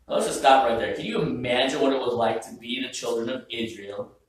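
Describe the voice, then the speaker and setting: A man's voice: medium pitch, brisk, heavy reverb, far from the mic, poor audio. A man preaching a sermon as pastor in a casual, joking, conversational way, often stopping and restarting his sentences. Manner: conversational, joking, self-interrupting. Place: church sanctuary.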